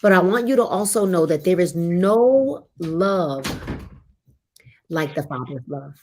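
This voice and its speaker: A woman hosts a live book club with a casual, faith-filled way of talking. She moves into a steady, encouraging preaching cadence as she addresses her listeners. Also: on the low side, unhurried, slight background noise. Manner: warm encouraging preacher cadence, sings briefly.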